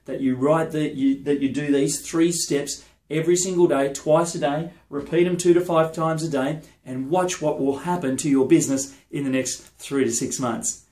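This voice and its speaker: A man's voice: a little high, fairly even intonation, normal speed, darkish tone, roomy sound. A man, a business and sales coach, gives an emphatic motivational talk to camera. He keeps checking in with the listener.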